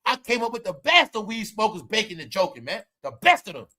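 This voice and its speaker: A man hosting a livestream, talking loudly in rambling, profane commentary, often saying "y'all". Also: high-pitched, sing-song, a little fast. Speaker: livestream host. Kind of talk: profane stream-of-talk commentary.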